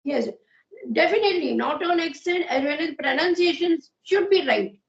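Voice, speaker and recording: A high-voiced woman with an Indian accent talks in a friendly, agreeable way and often says "you know". Her voice comes through dull and lo-fi. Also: lively intonation, moderate pace, creaky. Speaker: guest speaker. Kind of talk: casual conversation practice. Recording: muffled lo-fi audio.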